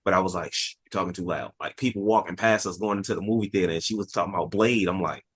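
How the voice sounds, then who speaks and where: A man's voice: sits low, rapid-fire, slightly rough, no room sound. A young man chatting casually about a movie on a podcast, telling stories and acting out quotes in raised voices. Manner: animated storyteller, acts out quotes in raised voices. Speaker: podcast host. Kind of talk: casual movie review chat.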